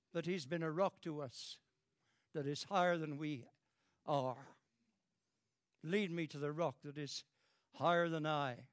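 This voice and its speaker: A man's voice: dry recording, clean studio sound. An older British man preaching a fervent sermon, repeating phrases and swelling in emotion. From Britain. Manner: fervent, repetitive, dramatic rises in pitch and volume.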